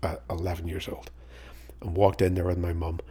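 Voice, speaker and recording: A husky, low-pitched man from Northern Ireland tells stories as a podcast guest. He is middle-aged and animated, and he plays out each side of an old exchange as he goes. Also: moderate pace. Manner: animated storyteller, acts out both sides of old conversations. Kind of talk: casual storytelling interview.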